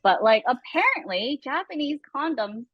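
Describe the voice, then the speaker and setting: A woman co-hosting a casual podcast chat, candid and animated, often acting out quotes. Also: high-pitched, moderate pace, slightly rough, dry recording, dull audio. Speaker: podcast co-host. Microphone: close studio podcast mic.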